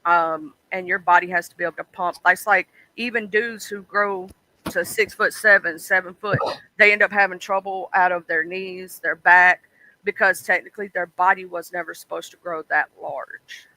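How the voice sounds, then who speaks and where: A man's voice: high voice, steady tone, moderate pace, bright, forceful tone, low-quality recording. A man hosting a stream, chatting casually and rambling with lots of ums and "you know"s, laughing as he tells childhood stories. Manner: laughs and acts out childhood voices. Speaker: stream host. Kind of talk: casual chat.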